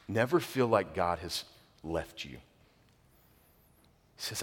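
A male pastor with a fairly low voice delivers a sermon in an earnest, conversational way, full of casual asides. His words ring out with the long reverb of a large church hall. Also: expressive, takes it slowly, long pauses. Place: church sanctuary.

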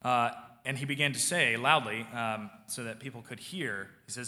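A man preaching a sermon in a conversational style, moving from loud emphasis to hushed, quiet lines. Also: medium pitch, fairly even intonation, fast talker, few pauses. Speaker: pastor. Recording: long hall reverb.

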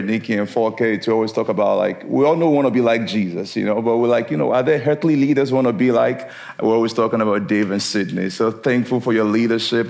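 A man's voice: lowish voice, a little mellow. A middle-aged man from Nigeria, preaching a sermon as a guest preacher in an upbeat, laughing style with call-and-response.

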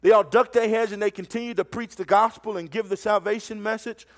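A man's voice: sits high, steady tone, brisk. A man preaching a sermon, telling stories fervently and repeating words as he restarts his thoughts.

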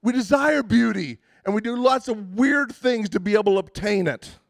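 Male preacher, relaxed storytelling delivery with false starts, slightly raised pitch, dry recording. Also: normal speed, creaky, dry recording. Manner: conversational and self-deprecating, with frequent restarts. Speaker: pastor. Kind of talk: sermon.

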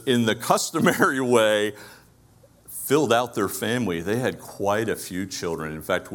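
A man with a Brooklyn accent preaching a conversational sermon, asking his listeners rhetorical questions. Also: mid-range voice. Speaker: pastor.

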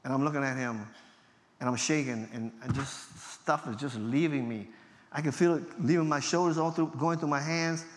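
A middle-aged pastor with a mid-range voice tells his testimony at a moderate pace, acting out dialogue and laughing at himself. Long hall reverb suggests a large venue.

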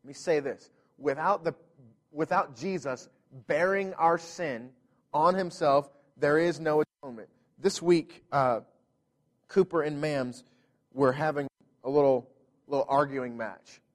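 A pastor in his thirties delivers a sermon, a bit higher-voiced than most men. He tells a story from home in an earnest way, often restarting his sentences. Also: measured pace.

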